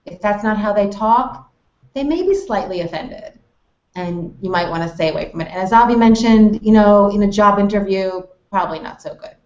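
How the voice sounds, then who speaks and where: A woman's voice: medium pitch, normal speed, a little mellow. American woman, English teacher, explanatory, web call audio, roomy and dull. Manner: friendly, explanatory, models phrases with exaggerated intonation. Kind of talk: online English lesson hangout.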